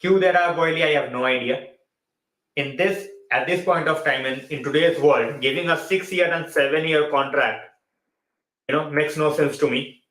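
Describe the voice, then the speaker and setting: A man's voice: on the high side, fast, fairly bright tone, reverberant, low-quality recording. A man hosting a live football stream, switching between Hindi and mid-sentence and repeating his phrases. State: tired and yawning late at night. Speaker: football channel host.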